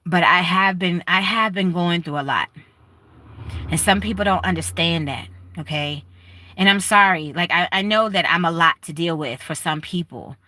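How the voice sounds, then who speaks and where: Lady streamer talking straight to her viewers, lowish bright voice, dry close sound. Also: moderate pace, no echo. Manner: emphatic, heartfelt, talks straight to viewers. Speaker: livestream host. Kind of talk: casual livestream chat. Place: rented room in a shared house.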